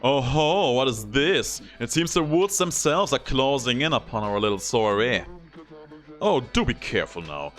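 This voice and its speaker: A man's voice: mid-range voice, expressive, moderate pace, fairly bright tone, faint music behind, voice pushed up, lightly acted. A man voicing a flowery, theatrical male master of ceremonies who speaks in grand, old-fashioned, courtly phrases. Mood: grandiose.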